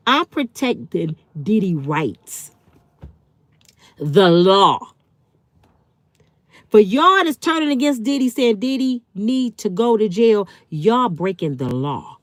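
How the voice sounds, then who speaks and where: Heated fifty-something woman with a lively voice. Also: mid-range voice, slow pace, pauses often, dry recording. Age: 50s. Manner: heated, blunt and emphatic, swearing. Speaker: channel host. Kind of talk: live-stream commentary, answering chat.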